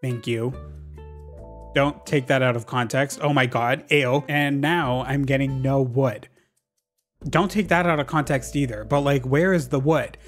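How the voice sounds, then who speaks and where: A man's voice: medium pitch, faint music behind. A young man giving sassy, dramatic commentary over his gameplay and talking back to the characters on screen. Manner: sassy, dramatic, quick asides to the game characters. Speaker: gaming YouTuber.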